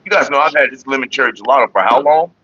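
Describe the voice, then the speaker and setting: A man's voice: mid-range voice, very fast, pushed and bright, breathy edge, no echo, dull audio. A man from California hosting a casual livestream, chatting loosely and profanely and greeting viewers by name. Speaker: livestream host.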